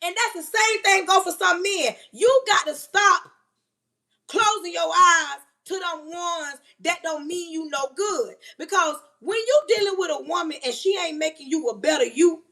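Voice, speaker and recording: High-voiced woman in her forties, preachy. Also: a little slow, sharp tone. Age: 40s. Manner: emphatic, preachy, calls listeners "baby"; talks while doing kitchen chores. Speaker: livestream host. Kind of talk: casual advice talk to a live audience.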